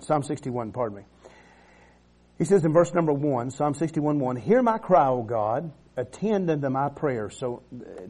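A man's voice: medium pitch, darkish tone. A middle-aged male pastor preaching a sermon, calling for amens and repeating words as he builds his point. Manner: preaching with call-and-response, frequent amens and restarts.

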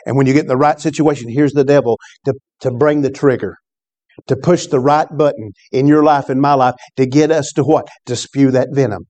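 A man's voice: medium pitch, fairly even intonation, fairly quick, a little mellow. A man preaching a sermon as pastor, addressing the congregation with asides like "come on" and "amen". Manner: preaching with call-and-response asides.

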